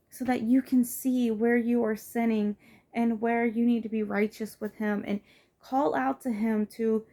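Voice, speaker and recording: A woman's voice: on the high side, mellow. A woman who has children, giving an informal, earnest home devotional as a lay preacher, talking casually with fillers and restarts. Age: adult with children.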